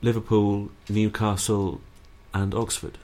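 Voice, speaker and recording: Low-voiced male musician from Brighton, dry and laid-back, casual interview guest. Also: flat delivery, slow pace, a little hiss or hum. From Brighton, England.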